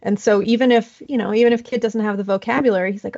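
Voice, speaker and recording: A woman therapist talking as an interview guest, in a casual, animated way. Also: medium pitch, quick pace, vocal fry, few pauses, lo-fi sound. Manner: animated, acts out quoted voices.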